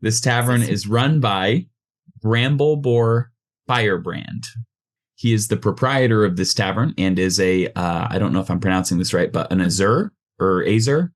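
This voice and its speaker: Lowish-voiced male game master. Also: moderate pace. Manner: relaxed, loose, with frequent ums. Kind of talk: narrating a tabletop game.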